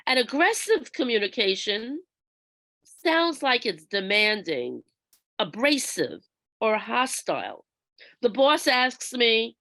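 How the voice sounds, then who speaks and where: A woman trainer with a slightly high voice, talking slowly and deliberately as she explains each point. The sound is dry and close, with no room echo, as if heard over a video call. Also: very animated, pushed and bright. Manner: measured, explanatory, acts out workplace examples. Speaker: workshop trainer. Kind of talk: instructional presentation.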